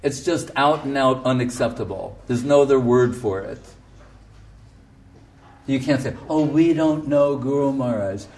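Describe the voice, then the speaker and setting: Man giving a devotional talk, earnest and emphatic, mid-pitched voice, mic a bit far off. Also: measured pace, darkish tone. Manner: earnest, emphatic, quotes his guru in Bengali and Sanskrit. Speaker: spiritual teacher. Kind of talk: devotional lecture.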